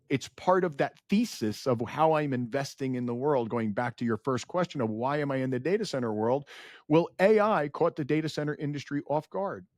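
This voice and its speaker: A man in his forties, a company founder telling stories as a podcast guest in an earnest, animated way. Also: dry recording, clean studio sound. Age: 40s. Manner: earnest, animated storyteller, rises in pitch when emotional. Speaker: guest, data center founder. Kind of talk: podcast interview storytelling.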